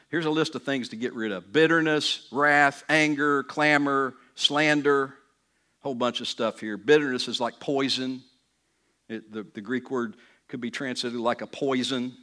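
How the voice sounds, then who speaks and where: A man's voice: mid-range voice, moderate pace, a bit bright. A man pastor preaching a sermon in an earnest, conversational way, often restarting phrases and building to emphatic peaks.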